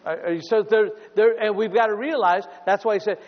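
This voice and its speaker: A man's voice: sits high, a little fast, hardly any pauses. A middle-aged male pastor preaching a sermon with humor, acting out little scenes in asides. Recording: dull sound with long hall reverb.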